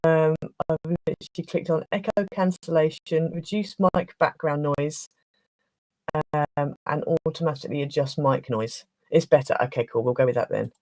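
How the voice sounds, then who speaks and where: Lady rambling on her craft livestream, bit flustered, throat a bit rough, gravelly, dry close sound. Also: low voice, normal speed, a little mellow, dry recording, rough recording. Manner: chatty, flustered, trailing off and restarting. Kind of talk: casual livestream chat.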